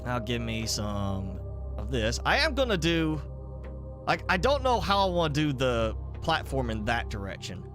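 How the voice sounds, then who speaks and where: A man's voice: medium pitch, wildly swooping pitch, unhurried, music in the background. A man with a mild Southern American accent, chatting casually while streaming a game, thinking aloud with lots of fillers. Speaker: gaming streamer. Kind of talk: casual live gameplay commentary.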